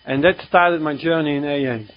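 A man giving an emotional, halting testimony at a recovery meeting, repeating himself as he tells his story. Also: a little high, fairly even intonation. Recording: dull lo-fi recording.

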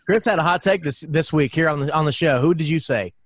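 A man guesting on a podcast, telling crude jokes and rapid stories. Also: on the high side, no room sound, studio quality. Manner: crude, joking, rapid storytelling. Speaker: podcast guest, co-host of another show. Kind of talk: casual podcast chat.

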